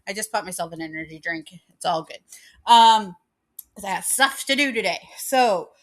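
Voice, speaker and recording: A woman's voice: medium pitch, animated, moderate pace. A woman vlogging in a casual chat, rambling and giggly, filling her talk with "like". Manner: rambling, giggly, heavy use of "like".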